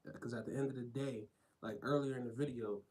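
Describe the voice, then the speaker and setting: A man's voice: mid-range voice, steady tone, quick pace, darkish tone, low-quality recording. A man live-streaming, reacting to clips in a blunt, rambling way that circles back over the same phrases. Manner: blunt, rambling, repeats himself.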